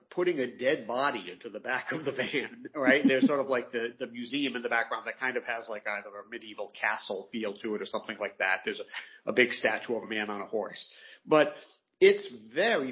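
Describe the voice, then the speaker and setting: A man's voice: medium pitch, muffled recording. A man co-hosting a comics podcast in casual chat, describing pages enthusiastically with many fillers.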